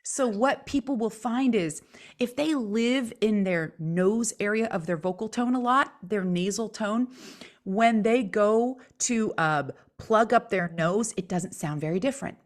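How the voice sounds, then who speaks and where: A woman's voice: medium pitch, a little slow. Woman voice coach chatting, acts out examples as she explains. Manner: animated, demonstrates voices. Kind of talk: instructional chat.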